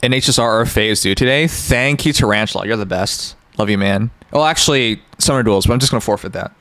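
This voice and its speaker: A man's voice: fairly low pitch, fast talker, fairly bright tone, no echo. A man streaming live, chatting casually and joking with his viewers in a rambling way. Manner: rambling, joking, talks to chat.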